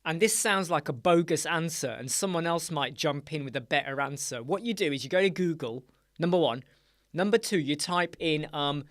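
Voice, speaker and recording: A man hosting a casual live-stream chat show, answering viewers in an animated, chatty way with many fillers and asides. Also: on the high side, no room sound, clean studio sound. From United Kingdom. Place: small dark room with sound panels.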